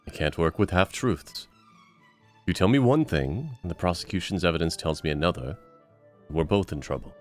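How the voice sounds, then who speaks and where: A man voicing a stern, blunt male lawyer, speaking in a firm and measured way. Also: very deep voice, darkish tone, slightly rough, soft background music, pitched below the performer's own voice, full character voice.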